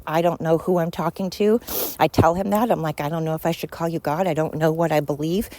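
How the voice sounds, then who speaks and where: A woman's voice: deep voice, steady tone, brisk, dark tone. A woman hosting a podcast alone, talking in a blunt, opinionated and rambling way. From Sweden. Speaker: podcast host. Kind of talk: casual solo monologue.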